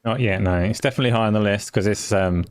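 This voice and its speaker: Deep, fast-talking man.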